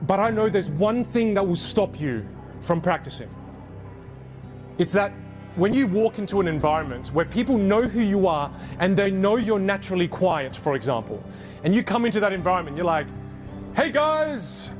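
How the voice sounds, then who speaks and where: Animated man speaking over music. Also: high-pitched, normal speed. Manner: animated, emphatic, talks straight to the crowd. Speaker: speaker at a live workshop. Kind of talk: motivational talk with audience questions. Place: live talk in front of an audience. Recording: speech over loud background music.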